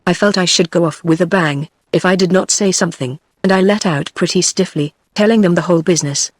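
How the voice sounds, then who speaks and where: This text-to-speech audiobook is read by a synthetic, evenly paced female voice with a British English accent. The voice is on the low side and brisk, with studio-quality audio and no echo.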